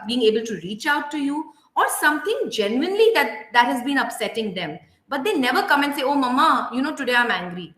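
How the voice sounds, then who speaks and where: An earnest woman with an Indian English accent gives a parenting workshop talk, her voice bright and a little high. She leans on key points by slowing down. The sound is roomy, with a clear echo. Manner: earnest, emphatic, slows down to stress key points. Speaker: parenting educator.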